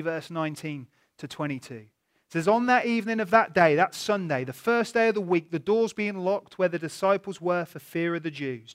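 Male preacher, fairly high pitch, conversational and animated, talks straight to the congregation. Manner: animated, conversational storytelling with rhetorical questions. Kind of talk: sermon.

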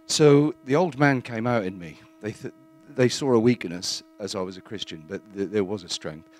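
A man giving a plain-spoken, earnest testimony in church, halting now and then with fillers. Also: fairly low pitch, slight background noise.

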